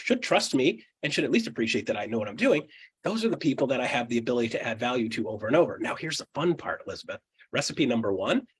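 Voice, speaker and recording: Husky, energetic male seminar speaker. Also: fairly high pitch. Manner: energetic, blunt and profane, laughs often, keeps asking "right?". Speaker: real estate trainer presenting to agents. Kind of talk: live seminar talk to an audience.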